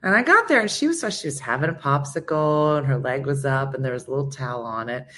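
A woman's voice: extremely low pitch, fast talker. A woman hosting a morning radio show, telling stories in casual chat and acting out the quotes as she goes, often turning to listeners by name. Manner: animated, acts out quotes in voices.

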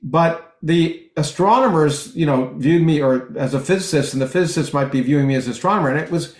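A middle-aged man, a physicist guest in an interview, talking in long rambling stretches full of restarts and lively anecdotes. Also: fairly high pitch, fairly quick, echoey room. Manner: rambling with many restarts, animated when telling jokes. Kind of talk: conversational interview, anecdotal storytelling.

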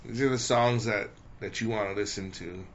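A man co-hosting a podcast in casual chat, opinionated and animated. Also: fairly low pitch, moderate pace, highs cut off. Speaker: podcast co-host.

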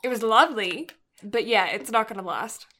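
Young woman, from Canada, upbeat chatty host, crisp bright voice, fairly high. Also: moderate pace. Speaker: podcast host. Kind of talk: casual chat.

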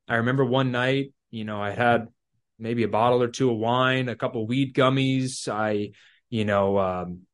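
An earnest man in his thirties tells a personal testimony in a confessional, storytelling way. His voice sits at an ordinary middle pitch for a man. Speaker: podcast guest sharing testimony.

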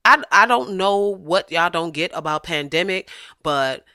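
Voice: medium pitch, expressive, unhurried, bright, forceful tone, no room sound, clean studio sound. A vlogger ranting in blunt, profane commentary, speaking emphatically and swearing freely.

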